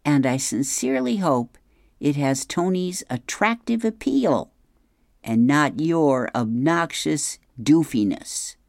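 A man's voice: fairly high pitch, expressive, slow pace, creaky, darkish tone, no echo, studio quality, pitched above the performer's own voice, full character voice. A man doing an earnest, teasing young woman.

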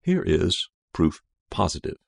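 Deep-voiced man reading a story aloud. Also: sing-song, unhurried, gravelly, darkish tone, slightly rough, no room sound, studio quality. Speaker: story reader. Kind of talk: scripted narration of a short story.

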